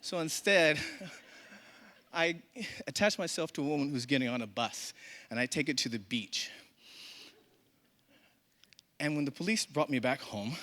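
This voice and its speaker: A man reading a personal story live on a theater stage, expressive and humorous. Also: mid-range voice. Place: theater stage before an audience.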